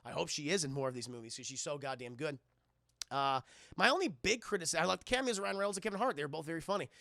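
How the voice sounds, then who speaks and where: Animated streamer with a gravelly voice. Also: male voice, on the high side, racing, no room sound, clean studio sound. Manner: animated, profane, addresses chat often. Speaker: streamer and film reviewer. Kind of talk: casual live-stream film recap.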